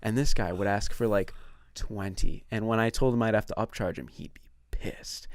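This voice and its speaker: A man chatting casually on a podcast, telling animated stories about old customers. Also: on the low side, brisk, no echo. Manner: animated storyteller who acts out customers in voices. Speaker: podcast guest or co-host. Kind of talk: casual storytelling chat.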